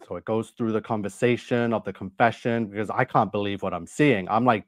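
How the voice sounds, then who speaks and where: A man's voice: fairly low pitch, fairly even intonation, fairly quick, hardly any pauses, dry recording, studio quality. A man hosting a religious commentary video, talking in an intense, emphatic, insistent way. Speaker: online video host.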